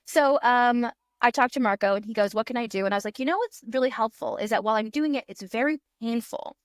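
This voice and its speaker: A woman in her thirties, a magician guest on a podcast, telling an animated story and acting out her own past thoughts in quick voices. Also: a little high, dry recording, studio quality. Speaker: guest magician and fire eater.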